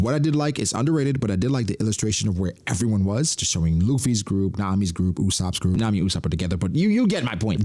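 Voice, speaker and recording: A man hosting a casual podcast, recapping a manga chapter in slangy chat, laughing often and acting out characters' lines. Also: fairly low pitch. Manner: animated, laughs often, slangy, acts out quotes.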